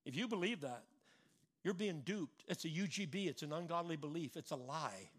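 A middle-aged man preaching a sermon in an animated way, stressing and repeating his points. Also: on the high side, normal speed, husky.

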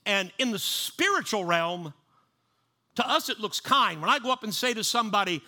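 High, bright-voiced male preacher. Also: expressive, normal speed. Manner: conversational, repeats and restarts, acts out panicked voices. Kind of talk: sermon.

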